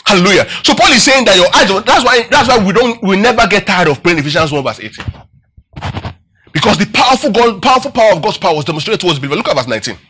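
A male preacher teaching from scripture in a high, bright voice. He keeps quizzing the congregation and repeats key phrases to drive them home. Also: big pitch swings, very fast, husky. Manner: asks the congregation questions, repeats phrases for emphasis. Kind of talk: Bible-teaching sermon.

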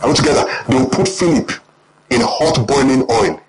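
A man with a Nigerian accent preaching a sermon, animated and often quizzing the congregation. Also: mid-range voice, normal speed, low-quality recording.

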